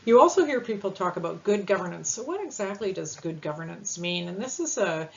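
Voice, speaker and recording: A woman presenting a candidate information session in a measured manner, with frequent ums and uhs. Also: on the low side, lively intonation, gravelly. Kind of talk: informational talk. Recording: dull lo-fi sound with faint hiss.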